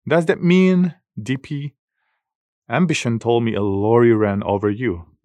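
A man's voice: medium pitch, a little slow, warm tone, no echo, lightly acted. Earnest young boy, raised and eager, close and dry; a man reads him for a storybook. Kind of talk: audiobook character voice.

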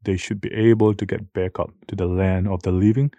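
A man narrating a children's storybook in a measured, steady way. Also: low-pitched, no room sound, muffled recording. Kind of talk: scripted audiobook narration.

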